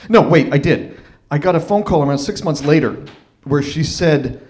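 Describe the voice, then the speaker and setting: A man in his thirties telling a personal story at an open mic, animated and acting out what other people said. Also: a little high, moderate pace. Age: 30s. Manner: animated, acts out quoted voices. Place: live open mic venue.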